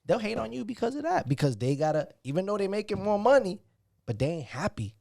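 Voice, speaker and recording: A man's voice: high-pitched, fast, vocal fry, dry recording, clean studio sound. A man co-hosting a podcast, musing in casual chat about people and happiness. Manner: reflective, preachy, lively intonation.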